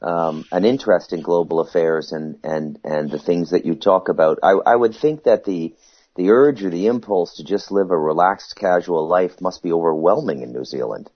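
A man from Canada in a casual group chat, speaking thoughtfully with many pauses. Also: sits low. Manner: hesitant, thoughtful. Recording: dull lo-fi audio.

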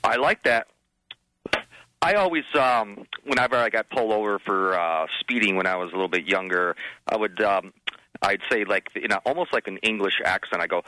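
A man's voice: fairly low pitch, moderate pace, pushed and bright, low-quality recording. A man who is a guest on a radio talk show, telling stories in a laid-back way with many fillers. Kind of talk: casual talk radio chat.

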